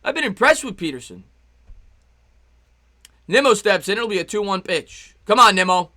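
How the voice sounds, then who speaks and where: Bright-voiced, excitable baseball stream caller. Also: male voice, moderate pace. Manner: excitable, chatty, reads out viewer chats between pitches. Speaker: live-stream baseball play-by-play host. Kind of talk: fan play-by-play commentary on a live stream.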